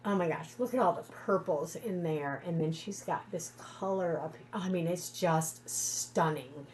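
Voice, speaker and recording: A middle-aged woman chatting casually on a livestream from home, gushing and excitable. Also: fairly low pitch, unhurried. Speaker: livestream host.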